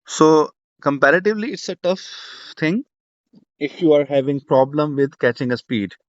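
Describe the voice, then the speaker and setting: A man's voice: a little high, lively intonation, moderate pace, no room sound. Guy teaching an online class, repeats himself a lot, dull dry lo-fi audio. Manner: repetitive, restarts a lot, lots of fillers. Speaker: exam prep teacher.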